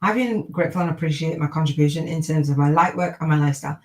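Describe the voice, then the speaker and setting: A woman's voice: low-pitched, racing, rough recording. A middle-aged woman hosting a live-streamed podcast, chatting in an upbeat, rambling way and repeating gratitude affirmations. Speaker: podcast host.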